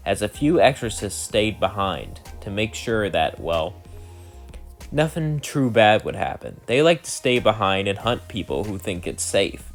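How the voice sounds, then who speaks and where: Low-voiced man rambling through a story. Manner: rambling, loosely strung clauses. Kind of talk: casual fan-fiction narration.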